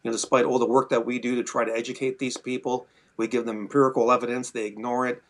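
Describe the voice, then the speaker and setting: A man's voice: medium pitch, flat delivery, fast talker. Exasperated man rambling with many fillers. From Canada. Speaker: firearms advocacy panelist. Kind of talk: casual panel discussion.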